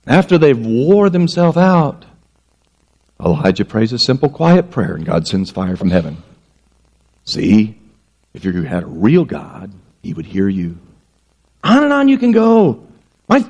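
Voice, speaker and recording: A middle-aged male pastor preaching a sermon, telling stories in an animated way and acting out the voices. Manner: animated storytelling, acting out voices with wide pitch swings.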